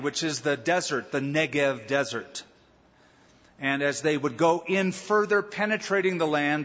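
Pastor from Southern California, echoing hall. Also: male voice, on the high side, a bit bright. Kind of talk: expository sermon. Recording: dull lo-fi sound with long hall reverb.

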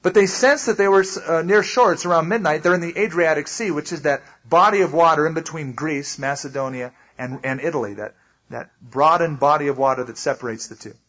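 A man's voice: fairly high pitch, brisk, fairly bright tone, lo-fi sound. A male pastor teaching a verse-by-verse Bible sermon in a conversational way, full of asides and explanations.

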